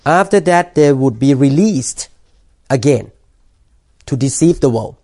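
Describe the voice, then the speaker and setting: A man preaching a sermon in a warm, mellow voice. He is a pastor who speaks earnestly, stopping and restarting as he explains scripture. His delivery is halting and sincere. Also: medium pitch, lively intonation. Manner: earnest, halting, repeats words.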